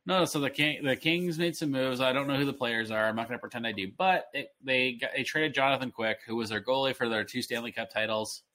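A man in his thirties co-hosting a podcast, rambling excitedly with many restarts. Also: mid-range voice, fairly quick, hardly any pauses. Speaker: podcast co-host. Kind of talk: casual chat.

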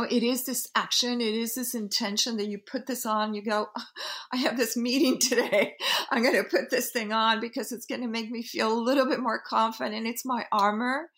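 A woman from Peru, middle-aged, telling the story of the brand she founded in a reflective, halting way, with many restarts and fillers. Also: a little high, fairly bright tone.

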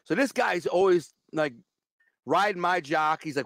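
Guy, kinda high voice, blunt street talk, dry close sound. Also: unhurried, a bit bright, no echo. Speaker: guest telling a story. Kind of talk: casual storytelling.

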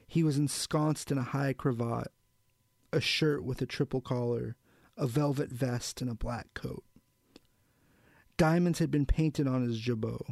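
A man reading a novel aloud in a measured, even storytelling manner. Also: mid-range voice, vocal fry, dry recording. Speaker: audiobook narrator. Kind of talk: scripted narration of a novel.

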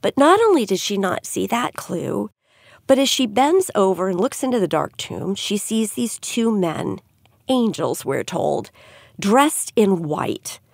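Middle-aged woman teaching the bible, a bit of fry in her voice, dry close sound, earnest and gentle. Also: medium pitch, big pitch swings, unhurried, no echo. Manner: earnest, gently questioning listeners. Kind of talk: devotional podcast teaching.

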